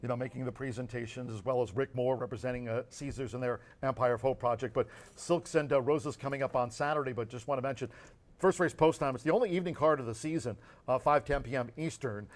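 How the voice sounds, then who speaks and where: A man co-hosting a track's horse racing show, racing through results and promotions at a quick clip. He rambles a little and leans on fillers, keeping the tone of an easy casual chat. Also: medium pitch. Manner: fast, rambling, with many fillers.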